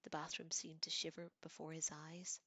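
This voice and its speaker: A woman reading a novel aloud dramatically, dropping into hushed whispers for tense passages. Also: low voice, monotone, moderate pace, slightly rough, no echo. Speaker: reader.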